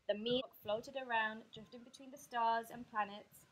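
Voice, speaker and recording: Woman teacher, expressive picture-book reading, slightly husky, higher voice. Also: normal speed, low-quality recording. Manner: expressive, lively storybook reading.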